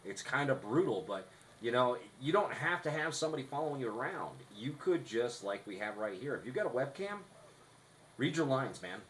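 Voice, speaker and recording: A man's voice: mid-range voice, sing-song, fairly quick, fairly bright tone, slight background noise, low-quality recording. A man co-hosting a podcast, explaining rehearsal tips in a casual, instructive way. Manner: instructive, restarts often. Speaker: podcast co-host.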